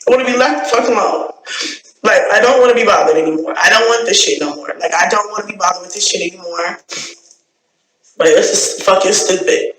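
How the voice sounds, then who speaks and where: A woman's voice: mid-range voice, a little fast, a bit bright. A woman YouTuber venting in an angry, profane rant, repeating herself and sounding completely fed up. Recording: roomy echo.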